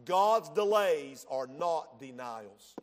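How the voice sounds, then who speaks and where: A man preaching a sermon in church, swinging from hushed tones to shouting. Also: a little high, expressive, slow. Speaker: pastor.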